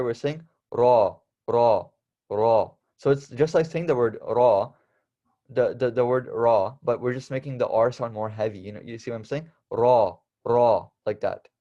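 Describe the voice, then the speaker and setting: A man's voice: mid-range voice, a little mellow, highs cut off. A young man teaching the Arabic alphabet in a casual lesson, patiently repeating and stressing each letter sound.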